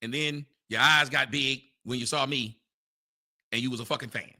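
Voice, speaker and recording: Loud, mocking man ranting. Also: mid-range voice, steady tone, moderate pace. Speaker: show host. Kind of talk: heated online audio rant. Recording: online voice chat.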